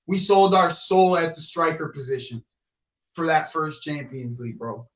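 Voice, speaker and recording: A man's voice: on the high side, normal speed. A man co-hosting a casual football podcast, swearing and ranting with lots of energy. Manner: animated, swears a lot, rants. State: agitated, rattled. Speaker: podcast co-host.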